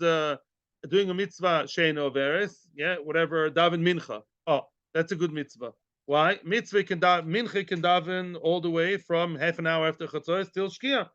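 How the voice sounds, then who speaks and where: A man's voice: high voice, fairly bright tone, no echo. A man teaches a daily Talmud class, mixing in Hebrew and terms and asking his listeners questions. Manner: explains in English mixed with Hebrew and Yiddish terms, asks the class questions. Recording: dry, dull lo-fi audio.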